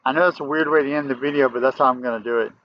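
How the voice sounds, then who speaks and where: Talking rapid-fire in a mid-range voice with fairly even intonation, a Southern vlogger rambles through a story on camera. He keeps restarting and turns emphatic, his American South accent clear over dull lo-fi audio.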